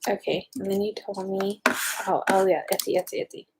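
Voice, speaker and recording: An excitable woman chatting casually, gushing while she browses online. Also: medium pitch, brisk, a little hiss or hum. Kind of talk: casual chat.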